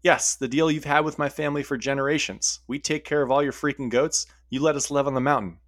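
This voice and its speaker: A man's voice: medium pitch, steady tone, fast, a bit bright, no room sound, clean studio sound, voice pushed up, natural voice. A man voicing a tired, annoyed male cave monster who grumbles in a weary, put-upon way. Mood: puzzled.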